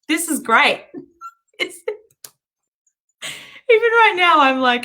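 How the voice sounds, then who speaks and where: Giggly, chatty woman, fairly high voice. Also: moderate pace. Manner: giggly, breaks into laughter; chatty and animated, self-interrupting. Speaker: host. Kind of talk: casual storytelling monologue.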